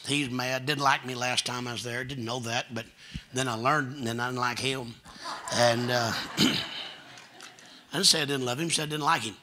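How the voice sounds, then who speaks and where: A middle-aged man with a Kentucky accent, preaching a folksy, joking storytelling sermon that builds to loud preaching. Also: mid-range voice, fairly even intonation, normal speed, background noise. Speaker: guest preacher.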